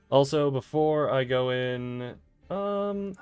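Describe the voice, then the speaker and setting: A man's voice: mid-range voice, a little mellow, smooth, no room sound. Rambling self-mocking male game streamer. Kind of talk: casual livestream chat while gaming. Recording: dry close mic with faint game music.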